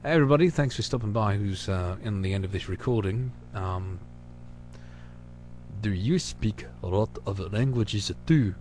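A man from the United States chatting casually with hesitant pauses as the host of his own channel. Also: fairly low pitch, darkish tone, a little hiss or hum. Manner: rambling, hesitant, full of pauses. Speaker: channel host answering questions. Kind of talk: casual recorded chat.

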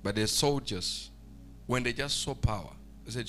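A man preaching a fervent church sermon, swinging between shouted, sing-song lines and hushed, quiet ones. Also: mid-range voice, normal speed, soft background music. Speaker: pastor. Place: church service.

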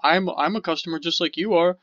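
A man's voice: on the high side, fairly quick, a bit bright, no room sound. A man co-hosting a casual podcast, telling a story in a rambling, profane way and acting out the people in it. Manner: rambling, profane, acts out quotes. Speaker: podcast co-host. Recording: dull lo-fi podcast audio.

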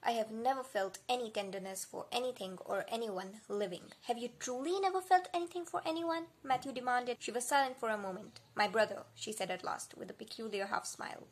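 A young woman in a reading vlog, reading quotes aloud and reacting with animated, gushing enthusiasm. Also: on the high side, fairly quick, hardly any pauses, slightly rough. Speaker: book vlogger. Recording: soft music bed behind the voice.

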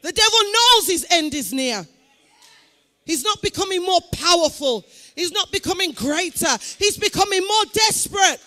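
A woman pastor leading fervent prayer in a church, preaching in a sing-song cadence, breaking into tongues and shouted declarations. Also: very high voice, animated, normal speed. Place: church building.

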